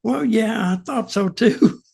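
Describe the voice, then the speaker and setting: A man's voice: high-pitched, takes it slowly, vocal fry, darkish tone, breathy edge, voice pushed up, heavily acted. A man voicing an eager, anxious young male wrestler who begs for work. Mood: pleading. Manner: pleading, anxious, apologetic.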